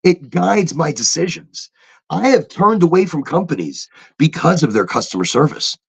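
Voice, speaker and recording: A man's voice: fairly high pitch, animated, normal speed, creaky, breathy edge. A man co-hosting a casual podcast, talking emphatically with repeated phrases and mimicking automated phone voices. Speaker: podcast co-host.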